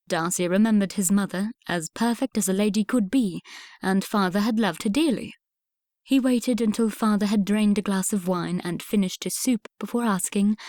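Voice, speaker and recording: A woman narrating a romance audiobook in an even, composed way, with a voice of middling pitch. The recording is close and dry, with no room sound. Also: no room sound. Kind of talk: scripted narration.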